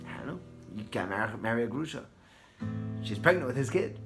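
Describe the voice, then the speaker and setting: A man telling a Torah thought and a story in an animated way, repeating words and dropping to a hush at tense moments. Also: medium pitch, a little fast. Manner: animated, restarts and repeats words, drops to hushed tones. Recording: guitar music under the voice.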